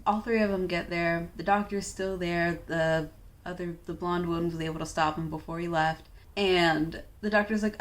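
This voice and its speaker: A woman's voice: on the low side, fairly even intonation, moderate pace. A young woman casually recapping a manga she just read. She talks in a loose, chatty way, with plenty of fillers. She drops in wry, offhand asides as she goes. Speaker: manga reviewer.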